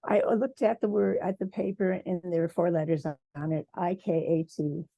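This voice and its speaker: A woman from Michigan, a textile artist, giving a lively personal talk at a symposium and acting out quoted dialogue. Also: fairly low pitch, normal speed, vocal fry, no room sound. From Michigan, USA. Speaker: guest speaker, textile artist.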